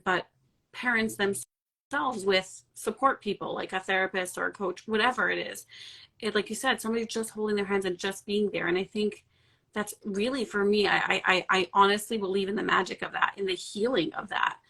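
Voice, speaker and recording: A woman speaking thoughtfully and gently in a casual live conversation about parents and trauma, circling back as she talks. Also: mid-range voice, steady tone, normal speed, vocal fry, breathy edge. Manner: thoughtful, gentle, rambling with restarts.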